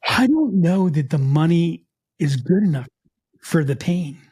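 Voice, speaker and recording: An animated American man with a slight Mid-Atlantic accent, chatting casually as a podcast co-host. His voice sits a bit higher than most men's, and he often breaks off and restarts his sentences as he gets going. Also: a little slow, husky. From United States. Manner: animated, self-interrupting, frequent restarts. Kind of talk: casual chat.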